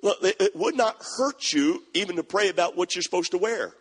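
A man's voice: high voice, lively intonation, brisk, breathy edge, in a large hall. A man preaching a folksy sermon, quoting scripture and repeating key phrases. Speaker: pastor.

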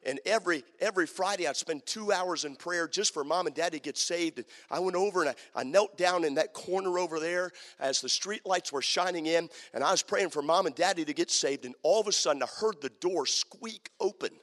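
A man preaching a sermon as a story, turning dramatically from loud to hushed. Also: high-pitched, brisk, few pauses. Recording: long reverb of a large hall.

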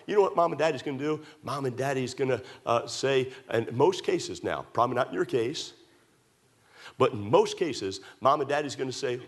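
A man preaching a sermon, emphatic and repetitive, rising to loud pleas and dropping to quiet asides. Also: mid-range voice, fairly quick. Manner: emphatic, repetitive, swings between loud pleading and hushed asides. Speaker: pastor.

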